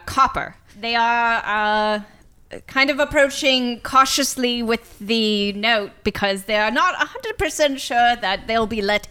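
A woman's voice: a little high, bright, forceful tone, clean tone. A woman player describing her character in a tabletop game, with a laughing, self-deprecating manner.

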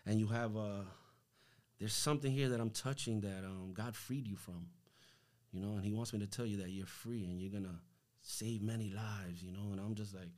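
Animated man telling his faith story. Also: on the low side, normal speed. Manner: animated, slangy, acts out quoted dialogue. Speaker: podcast guest. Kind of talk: casual testimony storytelling.

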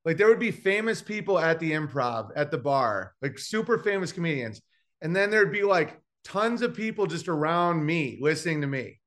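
A brash man spinning rambling stories on a podcast, full of "like" and "you know." His voice sits a little higher than most men's, and he talks as a guest comedian chatting loosely. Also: big pitch swings, moderate pace, fairly bright tone. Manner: brash, rambling storyteller with many fillers. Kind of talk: casual podcast chat.

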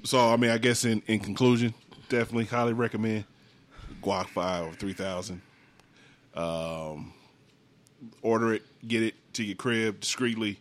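A man's voice: on the low side, moderate pace, long pauses, slight background noise. A man co-hosting a podcast in casual chat, rambling and profane, with lots of restarts. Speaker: podcast co-host.

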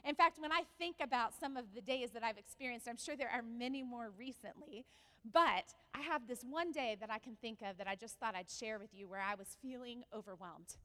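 A woman pastor preaching a sermon, telling a personal story with animated delivery and asking the congregation questions. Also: fairly high pitch, fairly quick, in a large hall.

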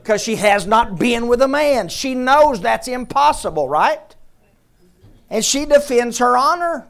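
A man's voice: very high-pitched, lively intonation, a little slow, gravelly, a bit bright. A man pastor giving a conversational sermon in church, repeating his questions and drawing answers from the congregation. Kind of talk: interactive sermon.

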